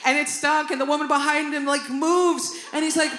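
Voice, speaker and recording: A woman performing stand-up comedy before a live audience, loud and animated, laughing along with her own jokes. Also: high-pitched, normal speed, slight background noise. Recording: echoey club with loud crowd laughter.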